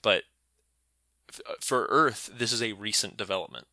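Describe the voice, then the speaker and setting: A man co-hosting a science podcast, chiming in with jokey asides and relaxed banter. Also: on the low side, moderate pace, no room sound, clean studio sound. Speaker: podcast co-host. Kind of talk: casual science podcast chat.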